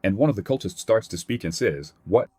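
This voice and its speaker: A man's voice: on the low side, lively intonation, a little fast, dark tone, dry recording, soft background music. A man narrating a comic recap in a plain scripted read, voicing characters' quotes in his own voice.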